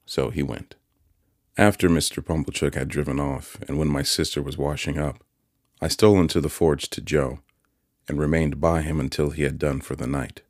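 A man narrating a classic novel as an audiobook, measured and steady. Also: rumbling low, no room sound, studio quality.

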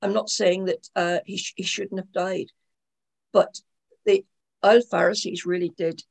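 Gravelly woman telling Bible stories with gusto. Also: medium pitch, measured pace. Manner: animated storyteller, repeats words. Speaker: co-host of a Bible discussion. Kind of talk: casual Bible study chat.

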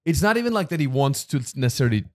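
A man's voice: a little high, rapid-fire, dry recording. German-born man hosting a podcast, dry mic. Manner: animated storyteller, laughs often. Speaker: podcast host. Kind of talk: casual interview chat.

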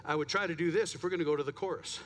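A man's voice: a little high, rapid-fire, fairly bright tone, slight background noise. A man pastor preaching a sermon in a church, chatty and self-deprecating, a bit out of breath. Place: church sanctuary.

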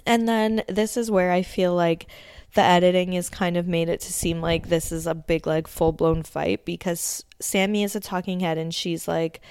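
A woman's voice: fairly low pitch, fairly even intonation, moderate pace, a little mellow, clear, resonant tone, dry recording, clean studio sound. A woman hosting a podcast, recapping a TV episode in a chatty, casual way, full of fillers and cursing. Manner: chatty, filler-heavy, swears freely. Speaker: podcast host.

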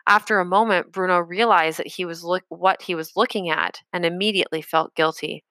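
A woman reading an audiobook chapter in a measured storytelling manner. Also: lowish voice, fairly even intonation, sharp tone, dry recording. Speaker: audiobook narrator. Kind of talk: scripted narration.

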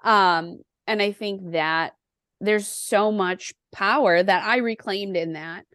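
A woman hosts a podcast and recounts her own experiences with animated energy. She acts out the people she quotes. The recording sounds dry and close. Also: mid-range voice, slow, no echo. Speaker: podcast host. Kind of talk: casual interview chat.

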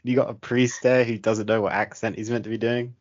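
A man's voice: mid-range voice, level tone, fairly quick. A man chatting casually on a podcast, dry and blunt with firm opinions. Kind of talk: casual chat. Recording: dull lo-fi sound.

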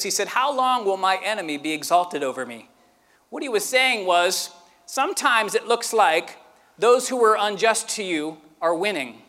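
A man preaching a sermon as pastor, earnest and shifting between quiet, tender stretches and emphatic, rising ones. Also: sits high, in a large hall.

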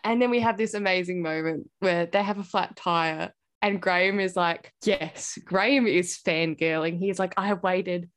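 A woman's voice: fairly low pitch, moderate pace, few pauses. A woman co-hosting a podcast, summarizing a novel and reading quotes aloud in a gushing, casual way. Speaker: podcast co-host. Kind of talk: casual book-club chat.

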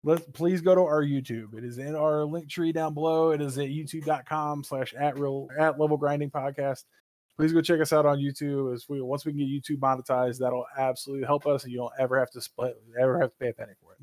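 A man's voice: mid-range voice, steady tone, a little fast, a little mellow, dry recording, studio quality. A man hosting a casual gaming podcast, rambling and joking and swearing freely. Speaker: podcast host.

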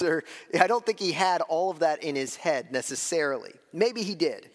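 Male pastor, slightly high voice, conversational sermon delivery, long church reverb. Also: a bit bright. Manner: conversational preaching, shifting between slow emphasis and quick asides.

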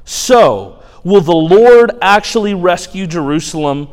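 A swaggering imperial herald hurls loud, mocking threats at a city's defenders, put on by a man preaching. The voice climbs higher and louder than ordinary talk. A long reverb trails every shouted line. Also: lively intonation, a little slow. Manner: loud, taunting proclamation. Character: arrogant, cocky male royal spokesman of an empire.

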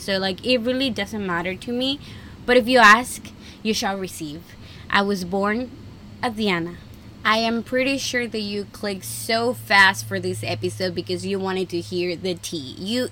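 A woman's voice: mid-range voice, bright, forceful tone, a little hiss or hum. A young woman hosting her own podcast in casual solo chat, rambling and chatty with lots of "like". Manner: chatty, rambling, heavy use of "like". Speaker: podcast host.

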